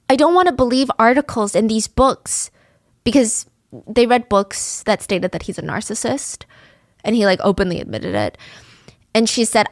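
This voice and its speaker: A woman's voice: on the high side, lively intonation, normal speed, no echo, clean studio sound. Woman telling a true crime story. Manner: vivid, conversational narration. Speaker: podcast host.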